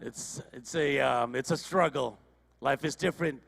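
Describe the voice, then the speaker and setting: A man's voice: medium pitch, normal speed, creaky, a bit bright, in a large hall. A man from Indonesia doing a stand-up comedy set on a ballroom stage, chatty and teasing the audience.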